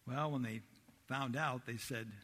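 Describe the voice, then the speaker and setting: Animated male pastor preaching in a reverberant hall. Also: medium pitch, a little slow. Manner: animated storytelling, acts out disciples' voices. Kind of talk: sermon. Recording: long reverb of a large hall.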